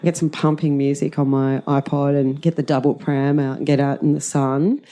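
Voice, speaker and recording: Low-voiced woman, lively storyteller. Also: normal speed. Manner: animated, laughing often, acts out quotes. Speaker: guest, drama teacher. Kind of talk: casual storytelling chat.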